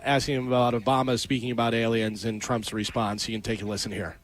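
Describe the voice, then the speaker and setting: A man's voice: medium pitch, flat delivery, quick pace, a little hiss or hum. Guy doing the news bit on a radio show, laid back. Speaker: radio news reader and co-host. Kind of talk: casual news segment on talk radio.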